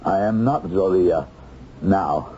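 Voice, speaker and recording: A fugitive who has been found out and speaks quietly and calmly. His voice is low and dark. The old television soundtrack is dull and faintly hissy. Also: unhurried. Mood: resigned. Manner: quiet, composed. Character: unmasked male fugitive, calm and resigned.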